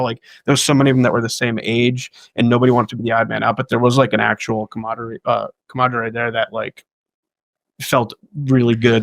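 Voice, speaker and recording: Fast-talking, swearing man telling stories. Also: medium pitch, fairly bright tone, no echo. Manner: fast, profane, acts out quotes of others. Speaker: guest filmmaker. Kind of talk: casual anecdotal storytelling.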